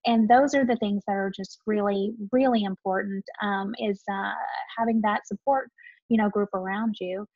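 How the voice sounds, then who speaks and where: A young adult woman, a married podcast guest, speaking thoughtfully and pausing often with "um". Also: medium pitch, fairly even intonation, no room sound, dull audio. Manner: thoughtful, with many "um"s. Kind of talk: casual conversation.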